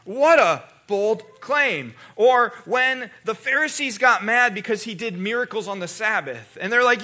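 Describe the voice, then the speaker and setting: A man's voice: high-pitched, expressive, measured pace, few pauses, bright, forceful tone. A man preaching a sermon as pastor to a church congregation, talking conversationally, restarting words, and calling on the room to repeat after him. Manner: calls on the congregation to respond. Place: church sanctuary.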